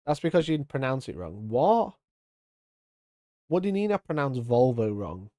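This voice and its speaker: A British man hosting a casual live stream, chatty and mock-indignant, talking into a boom-arm mic. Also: sing-song, normal speed, warm tone, dry recording, studio quality. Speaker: streamer host. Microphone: studio mic on boom arm.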